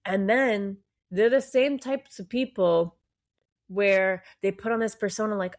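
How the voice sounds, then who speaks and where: A woman's voice: medium pitch, steady tone, unhurried. Profane, blunt woman with a Jersey accent. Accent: New Jersey. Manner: blunt and profane, heavy swearing. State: hot and cranky. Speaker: podcast host. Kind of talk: casual solo podcast rant.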